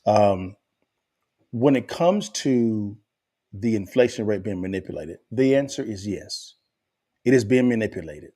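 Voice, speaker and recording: A man's voice: on the low side, lively intonation, unhurried, dark tone. A man hosting a finance podcast, talking emphatically and preaching to his audience, firing repeated questions at them. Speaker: podcast host. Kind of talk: direct-to-camera finance commentary.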